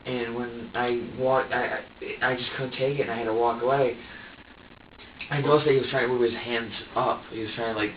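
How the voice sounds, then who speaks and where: A man under police questioning who recounts events haltingly, repeating himself and swearing. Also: mid-range voice, fairly even intonation, slight background noise. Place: police interrogation room. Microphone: distant room camera mic. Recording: dull, echoey room audio from far off.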